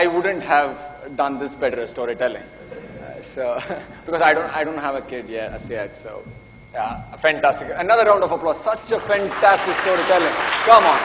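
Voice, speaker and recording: This conference speaker has a fairly bright voice on the high side. Giving a live talk in a reverberant hall where faint noise can be heard, he eagerly rallies the crowd and asks them to applaud.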